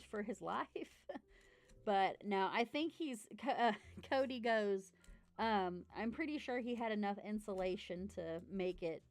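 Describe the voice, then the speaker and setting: A woman, chatting casually while unboxing model horses, telling stories and getting loud and excited. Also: mid-range voice, no room sound. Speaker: model horse collector vlogger.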